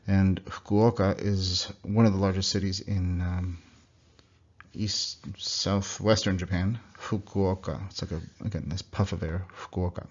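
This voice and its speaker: A young man talks through a pronunciation lesson in a low, deep voice. He explains each sound, then says the example word slowly several times. The sound is dull and lo-fi, like a computer mic recording. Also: level tone. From United States. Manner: explanatory, demonstrates words slowly and repeats them. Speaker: language teacher. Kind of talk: recorded slide lecture.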